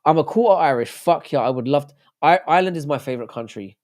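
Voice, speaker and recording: A man's voice: a little high, expressive, fast talker, darkish tone. A man hosting a livestream, rambling, swearing and joking with his chat. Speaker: livestream host.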